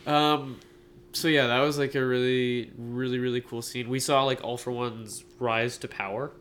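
Congested male co-host, relaxed and laughing, light noise underneath. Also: medium pitch, moderate pace. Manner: relaxed, laughing, says bro. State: stuffed-up nose. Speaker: podcast co-host. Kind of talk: casual chat.

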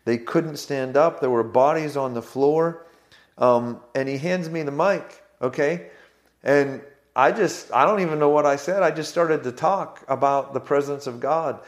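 A man's voice: a little high, a little slow. A man preaching, telling a story with frequent fillers and restarts. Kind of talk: sermon testimony.

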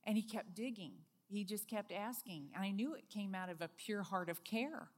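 A woman being interviewed, telling a personal faith story in a lively, earnest way. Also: mid-range voice, normal speed. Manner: lively storyteller, acts out quoted speech; earnest, heartfelt. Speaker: guest.

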